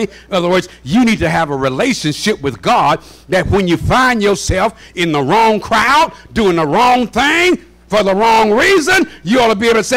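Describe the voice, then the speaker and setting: A man preaching a fervent sermon in a church, often shouting and repeating "watch this" to rally the congregation. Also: sits high, sing-song, moderate pace. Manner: shouting, repeats "watch this", folksy call-and-response. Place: church sanctuary.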